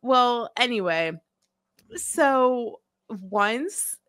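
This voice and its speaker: A woman's voice: fairly high pitch, lively intonation, drawn-out words, a bit bright, smooth, no room sound, clean studio sound. A woman co-hosting a podcast, talking casually about a TV episode in a rambling way, full of "um" and "like". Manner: rambling, with many fillers like "um" and "like". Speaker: podcast co-host. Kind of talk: casual chat recapping a TV episode.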